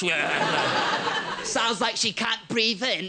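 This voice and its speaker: A man's voice: sits high, slow pace. A young Scottish man doing a stand-up set on a TV studio stage, telling stories animatedly with a habit of tagging "right?". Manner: animated storytelling with frequent "right?". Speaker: stand-up comedian. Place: TV studio stage before a live audience. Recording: loud audience laughter and crowd noise.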